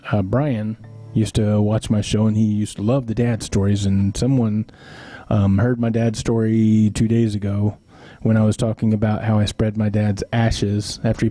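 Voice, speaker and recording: A middle-aged man hosting a live stream with a very dark, mellow, low voice and a husky edge. He rambles through stories in a casual, chuckling way and teases the people in his chat. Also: no echo. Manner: rambling, chuckling, teasing viewers.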